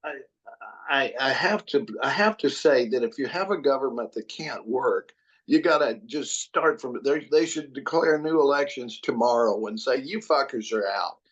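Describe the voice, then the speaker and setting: A man's voice: medium pitch, normal speed, lo-fi sound. A man who is a returning podcast guest, ranting about politics with emphatic repetition and plenty of cursing. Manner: emphatic and profane, repeats phrases for force. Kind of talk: casual political chat.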